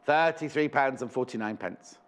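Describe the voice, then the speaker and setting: A man's voice: mid-range voice, moderate pace. A man presenting a live shopping show in a studio, chatty and rambling with jokey asides.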